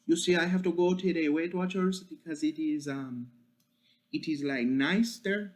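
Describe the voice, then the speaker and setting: Guy putting on a confused tourist dude, higher voice, stumbling over words. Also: natural voice. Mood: earnest, muddled. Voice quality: mock foreign accent, halting broken phrasing. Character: bumbling male foreign tourist, confused.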